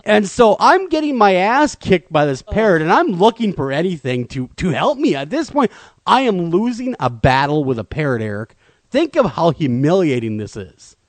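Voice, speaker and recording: A man co-hosting a talk radio show, telling a comedic, self-deprecating story in an animated way. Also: high voice, normal speed, no echo.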